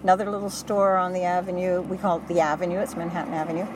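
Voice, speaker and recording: An older woman recounting memories in an earnest, halting way, often correcting herself mid-sentence. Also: lowish voice, flat delivery, distant mic, noisy background. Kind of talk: oral history recollection.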